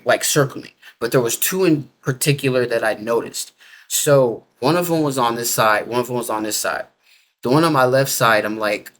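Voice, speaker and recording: A man's voice: mid-range voice, a bit bright. A man casually telling a personal story in loose, rambling talk, full of fillers, restarts and everyday slang grammar. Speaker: interviewee telling a near-death experience.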